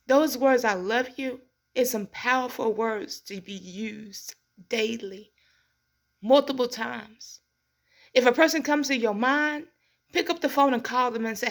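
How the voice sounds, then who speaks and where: A middle-aged woman hosts a community show with an earnest, heartfelt delivery. She speaks like a preacher, and her voice sits a little higher than most. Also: unhurried. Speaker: host. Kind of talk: inspirational monologue.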